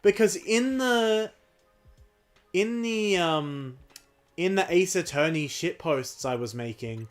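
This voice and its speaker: A man's voice: high voice, lively intonation, slow, soft background music. A young man chatting casually on a livestream while playing a game, rambling and self-deprecating, with frequent laughs. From Australia. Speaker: streamer.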